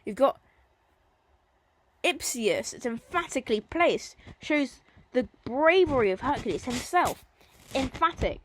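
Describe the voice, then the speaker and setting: A woman teaching a recorded Latin lesson, reading verse lines slowly and then explaining them in plain, chatty terms. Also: high voice, expressive, dry recording.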